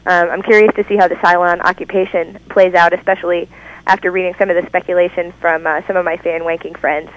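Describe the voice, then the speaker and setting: A man's voice: high-pitched, little pitch movement, a bit bright, low-quality recording. A man joining a podcast as a guest, chatting casually and agreeably. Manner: agreeable, quick to affirm. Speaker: guest, fan awards organizer. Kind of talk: casual chat.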